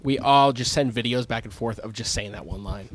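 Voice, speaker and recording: A man's voice: medium pitch, brisk, a little hiss or hum. A man talking casually as a podcast guest, telling stories and laughing a lot. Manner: animated storyteller, laughs a lot. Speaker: guest, movie buff. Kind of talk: casual chat.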